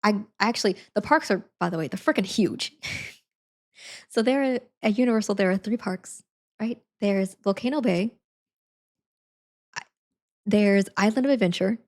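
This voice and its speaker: A woman's voice: medium pitch, moderate pace, creaky, long pauses, darkish tone. Giggly, rambling young woman streamer. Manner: giggly, rambling, lots of fillers. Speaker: live streamer. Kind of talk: casual chat with stream viewers.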